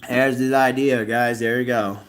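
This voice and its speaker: A male video host talks in a loose, rambling way, circling back over the same words again and again. His voice sits at an ordinary middle pitch, and he speaks with bursts of excitement. It sounds like casual chat aimed at his viewers. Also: normal speed, slight background noise.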